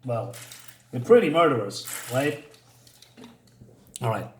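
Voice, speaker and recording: A man's voice: mid-range voice, big pitch swings, slow pace. A man giving a casual comic book review, rambling with many fillers and self-corrections and reading the dialogue aloud in a mostly plain voice.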